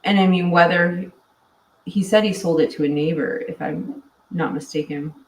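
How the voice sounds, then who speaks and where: Chatty low-voiced woman, echoey room. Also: normal speed, a little hiss or hum. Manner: chatty, laughs often, tired and winding down. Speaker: livestream host. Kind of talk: casual livestream chat reading comments. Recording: echoey room, mic at a distance.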